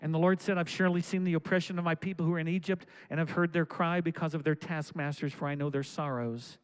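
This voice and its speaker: High-pitched guy preaching, reads the bible then gets loud and fired up. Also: steady tone, fast, clear, resonant tone, poor audio. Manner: preaching with rising, shouted exhortations; reads scripture aloud, then comments. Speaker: pastor. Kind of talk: sermon.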